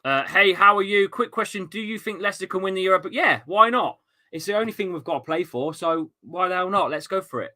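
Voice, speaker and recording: A young man hosts a live football watchalong and mixes match commentary with casual chat to his viewers. His voice is bright and forward, pitched a little high, and he swears freely while reading out comments. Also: lively intonation, fairly quick. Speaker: football fan streamer.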